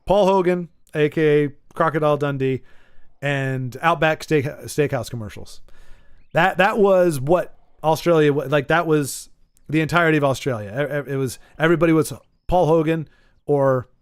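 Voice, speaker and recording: A man's voice: a little high, moderate pace, clean tone, dry recording. Rambling streamer man with dry close sound. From Michigan. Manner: rambling, stumbles and repeats words. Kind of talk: casual gameplay chat, reading viewer messages.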